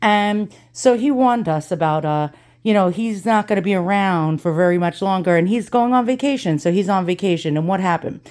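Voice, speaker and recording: A woman's voice: medium pitch, moderate pace, darkish tone. Blunt, profane woman vlogger ranting. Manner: blunt, profane, chatty storyteller. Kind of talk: casual ranting vlog chat.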